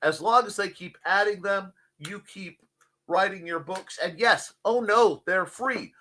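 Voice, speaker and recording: A man's voice: high-pitched, measured pace, sharp tone. A man hosting a casual morning show, joking, rambling and reading out chat messages. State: cold.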